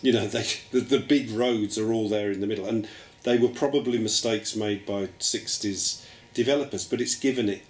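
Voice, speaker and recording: Low-voiced man in echoey room. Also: steady tone, moderate pace, few pauses, darkish tone. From Birmingham, England. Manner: thoughtful, hedges with "I mean" and "I think". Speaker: interviewee, television writer. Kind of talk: reflective interview answers. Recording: echoey room with faint ambient noise.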